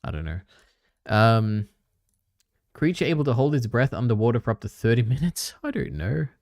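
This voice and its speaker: A man's voice: mid-range voice, very animated, normal speed, darkish tone, no echo, studio quality. A man streaming casually, reading on-screen text aloud, trailing off and muttering to himself. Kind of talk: casual live-stream commentary.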